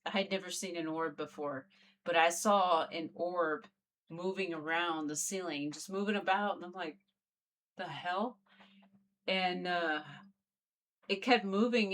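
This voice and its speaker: A woman's voice: fairly low pitch, fairly bright tone. A woman telling a personal story in a casual, candid way, with frequent fillers, restarts and mild swearing.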